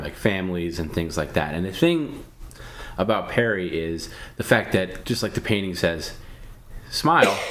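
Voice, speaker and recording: Low-voiced guy on a stream, calm and mocking, kinda condescending. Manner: mocking, scolding, calmly needling. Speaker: co-host. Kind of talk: casual live-stream talk.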